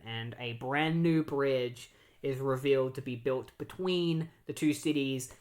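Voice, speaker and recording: A casual podcast host recapping a comic storyline, rambling with lots of "like" and "uh". Mid-pitched, with an even, everyday delivery that keeps dipping into quick character voices. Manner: rambling, filler-heavy, breaks into quoted voices.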